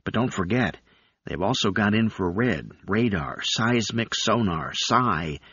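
A man voicing a gruff, wary male uplifted chimp fighter who speaks in an urgent, clipped way. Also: on the low side, expressive, slow pace, a bit bright, no room sound, exaggerated voice. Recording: slightly dull recording.

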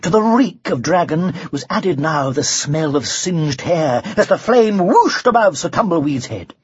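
A narrator reading a storybook aloud in an expressive way with varied pacing. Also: mid-range voice, a little slow, breathy edge, dry recording. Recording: dull lo-fi recording.

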